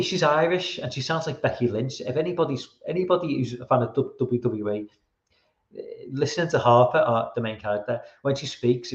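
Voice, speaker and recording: A man's voice: medium pitch, echoey room, dull audio. Rambling British man reviewing films. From Britain. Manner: rambling, halting, swears casually. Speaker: podcast host. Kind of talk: casual rambling film review.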